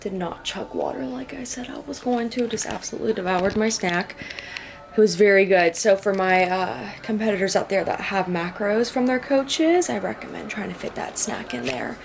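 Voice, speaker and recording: A woman's voice: mid-range voice, animated, normal speed, vocal fry, few pauses, a little hiss or hum. A young woman vlogging at home about her competition prep, chatty and bubbly, talking into a handheld camera and often saying "dude". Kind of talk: casual vlog chat.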